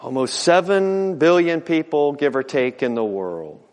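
Middle-aged guy preaching, pretty high voice, folksy, repeats himself a lot, big echoey church. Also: lively intonation, unhurried, darkish tone. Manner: folksy preaching with repeated words and alliterative lists. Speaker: pastor. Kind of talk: sermon. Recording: long hall reverb.

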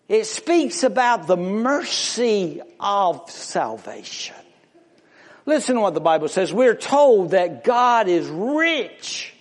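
High-voiced guy preaching slow, voice swoops way up and down, lots of hall echo. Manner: dramatic rising and falling delivery, calls out "my friend". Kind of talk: sermon. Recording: long hall reverb.

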